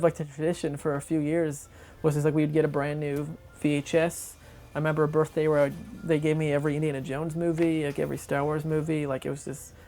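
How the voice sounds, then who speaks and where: An interviewee telling a long anecdote for a documentary in an excitable, rambling way, full of fillers. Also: mid-range voice, vocal fry.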